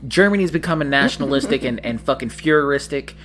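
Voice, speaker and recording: A man's voice: mid-range voice, animated, fast, fairly bright tone. Rambling, joking male podcast host. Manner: rambling, jokey, swears freely. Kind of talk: casual chat.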